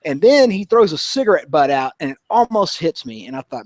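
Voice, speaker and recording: A man relays a motorcycle anecdote in a relaxed, drawn-out way. His voice sits a little high. The sound is dry and close. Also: no echo. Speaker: motovlogger co-host. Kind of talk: casual storytelling chat.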